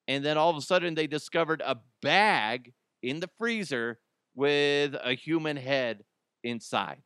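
A man's voice: mid-range voice, dry recording, clean studio sound. A man hosting a podcast, riffing in a casual, mocking monologue and often laughing. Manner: animated, laughing, mocking asides. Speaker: podcast host.

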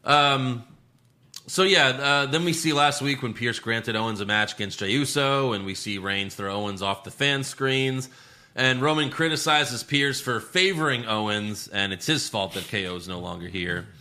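A man hosting a casual wrestling podcast, animated and jokey as he recaps the shows. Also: mid-range voice, normal speed. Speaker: podcast host.

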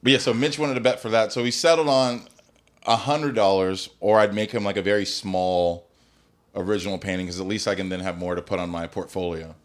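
A man in casual chat on a podcast, telling stories in a profane, animated way. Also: on the low side, brisk. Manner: profane, animated storytelling with laughter.

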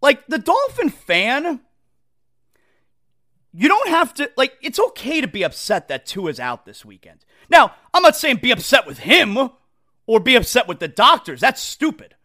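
A man hosting a sports talk show, ranting in an exasperated, animated way and mocking what others say. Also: extremely high pitch, unhurried. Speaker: sports radio host. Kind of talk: opinionated sports talk rant.

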